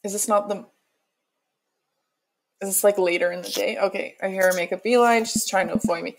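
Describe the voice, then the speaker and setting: A woman's voice: mid-range voice, fairly quick, pauses often, breathy edge, poor audio. A woman playing a story game, reading its lines aloud and breaking off with sarcastic, self-mocking asides. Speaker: let's player.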